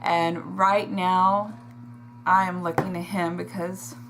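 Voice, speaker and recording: A woman talking in a personal video diary, emotional and halting, pausing and sighing as she speaks. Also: on the low side, level tone, music in the background. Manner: emotional, halting, with sighs and restarts. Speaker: vlogger.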